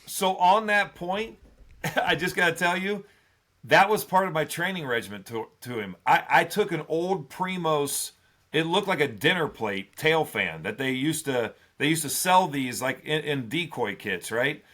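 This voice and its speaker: A middle-aged man, a former football player, telling a funny hunting story as a podcast guest, animated and laughing as he goes. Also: on the high side, a little slow. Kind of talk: casual storytelling.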